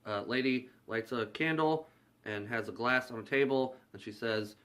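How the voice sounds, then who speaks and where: A man's voice: medium pitch, normal speed, a bit bright. A man casually recapping a horror film's plot, loose and profane, acting out the characters' lines as he goes. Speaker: movie reviewer.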